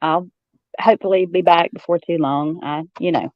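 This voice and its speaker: Speaking fairly quickly in a steady, fairly low voice, a guest from the American South chats casually in her Southern accent. She laughs a lot while telling stories and mimics the people she quotes, and the recording sounds dry and muffled.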